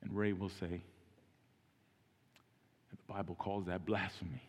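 A man preaching a sermon as pastor, earnest and animated, acting out street conversations in a softer voice. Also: low voice, measured pace, husky. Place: church sanctuary. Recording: church hall with long reverb.

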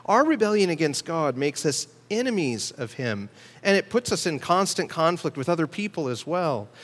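A man preaching a sermon in a steady, teaching manner, slowing down to stress key words. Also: fairly high pitch, big-room sound. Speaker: pastor.

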